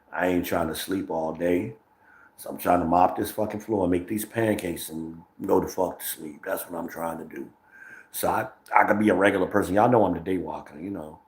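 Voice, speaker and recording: Low-voiced man, profane rambling talk. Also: a little mellow. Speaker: streamer host. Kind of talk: casual livestream monologue. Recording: roomy echo.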